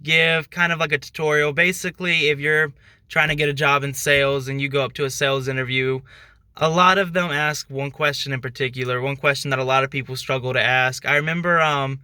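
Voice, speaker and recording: Young male channel host, casual tutorial delivery, crisp sharp tone, dead-dry close-mic sound. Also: medium pitch, fairly even intonation, fairly quick, no room sound. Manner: loose and chatty, many fillers like "like" and "kinda". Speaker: channel host giving sales tips. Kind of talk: casual talk-to-camera tutorial.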